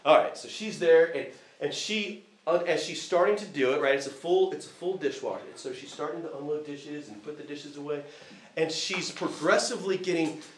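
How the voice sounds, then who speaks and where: A man's voice: a little high, normal speed, slight background noise. A man preaching a conversational sermon from the United States, telling a family story with frequent fillers and restarts. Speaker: visiting preacher. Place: church hall. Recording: echoey church hall.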